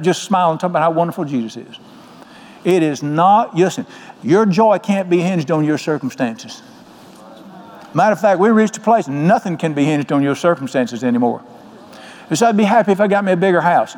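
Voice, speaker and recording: A man's voice: sits high, animated, a little fast, darkish tone. An older man preaching a sermon as pastor, folksy and joking. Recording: long hall reverb.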